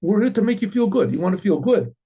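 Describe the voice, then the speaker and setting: A man's voice: high voice, very animated, quick pace, husky, dull audio, voice pushed up, heavily acted. A man voicing a cheerful young male volunteer who persuades upbeat in a spoken story.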